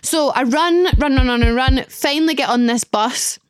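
A woman's voice: sits high, normal speed, clear, resonant tone, dry recording, clean studio sound. A young Scottish woman hosting a podcast who tells a story with dramatic energy and acts out the dialogue. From Scotland. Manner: animated, dramatic retelling with acted-out dialogue. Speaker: podcast host. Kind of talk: casual storytelling.

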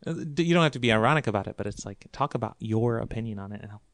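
Guest comic, mid pitch, rambly and self-deprecating, dry booth sound. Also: expressive, very fast, no echo. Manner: rambling, self-deprecating, many fillers and restarts. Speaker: guest, comedian. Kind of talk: casual podcast conversation.

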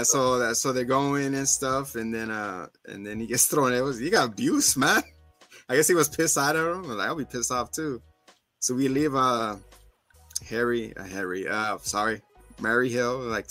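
Bright-voiced man recapping a show. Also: medium pitch, moderate pace, soft background music. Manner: animated retelling, acting out characters' lines. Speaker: podcast co-host. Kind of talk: casual recap chat.

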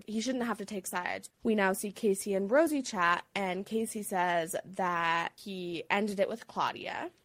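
Woman podcast co-host, mid-pitch voice, measured reasoned recap chat, dry sound. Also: fairly bright tone, no room sound. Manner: measured, reasoned, weighs both sides.

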